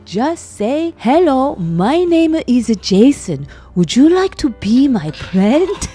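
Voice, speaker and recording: A man's voice: very high-pitched, very animated, dark tone, slightly rough, faint music behind, voice pushed up, full character voice. A woman putting on a kindly Korean dad's accent. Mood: earnest advice. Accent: Korean-accented English. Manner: slow, emphatic, sincere advice-giving. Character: kindly middle-aged Korean dad, earnest and guileless.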